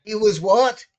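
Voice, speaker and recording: A man's voice: high-pitched, darkish tone, lo-fi sound. A man on a group video call, telling a story with many restarts and repeated words. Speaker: support group member.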